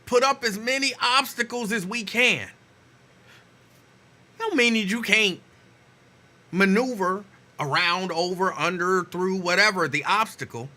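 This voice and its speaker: Bright-voiced male talk show host. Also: high voice, unhurried, long pauses. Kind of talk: casual talk radio.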